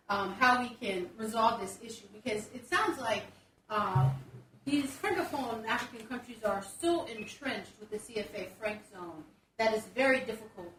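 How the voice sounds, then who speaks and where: A woman's voice: fairly high pitch, fairly bright tone. A woman hosting an interview, asking questions in a lighthearted way. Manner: lighthearted, laughs between questions. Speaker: host. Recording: distant mic in an echoey room with faint background noise.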